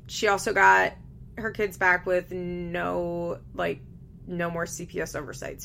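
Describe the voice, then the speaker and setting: A woman's voice: on the low side, gravelly, sharp tone, a little hiss or hum. A young woman chatting casually as she recaps a reality show, candid, laughing often and swearing freely. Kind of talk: casual chat.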